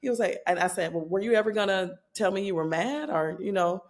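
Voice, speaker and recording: A woman's voice: medium pitch, expressive, brisk. A woman in her forties, a podcast guest telling personal stories frankly and reflectively. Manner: reflective storyteller, speaks frankly. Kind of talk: casual podcast conversation.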